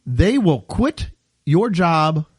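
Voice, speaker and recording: A man's voice: a little high, sing-song, drawn-out words, husky, dry recording. A man co-hosting a comedy podcast, reading odd news stories aloud and joking about them with frequent laughs. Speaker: podcast co-host. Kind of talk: casual comedy podcast chat.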